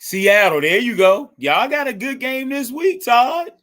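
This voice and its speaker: A young man hosting a live stream, reacting to a game as it plays and talking to his chat with excitement and laughs. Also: very high voice, a little slow. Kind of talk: live fan commentary on a game.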